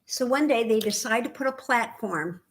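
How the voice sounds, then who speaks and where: An older woman with a fairly high voice co-hosts a relaxed craft podcast. She tells stories with lots of energy, bouncing between her own voice and the voices of people in the story. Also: moderate pace. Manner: animated storyteller, acts out voices. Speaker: podcast co-host. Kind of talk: casual chat.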